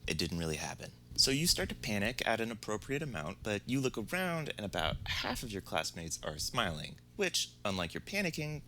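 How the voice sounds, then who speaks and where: A man's voice: sits low, fairly bright tone, slight background noise. A man hosting an educational video, telling a story in a wry, sarcastic, dramatic way. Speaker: host and medical educator.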